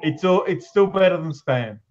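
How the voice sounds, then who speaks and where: A man's voice: sits high, expressive, moderate pace, very noisy. A man joking and laughing his way through a casual chat as a stream co-host. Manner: joking, goofy, laughs a lot. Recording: dull lo-fi stream audio.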